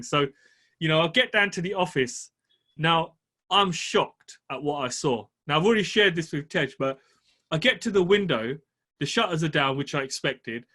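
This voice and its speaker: A man, a property podcast co-host telling a story in an animated, laughing way. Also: fairly high pitch, moderate pace. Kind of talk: casual storytelling.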